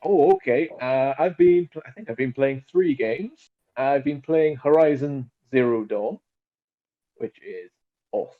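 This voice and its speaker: A man guesting on a gaming podcast, with a mid-range voice. He talks casually but haltingly, often pausing to search for words. His audio comes through dull and lo-fi, as over a remote connection. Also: mid-range voice.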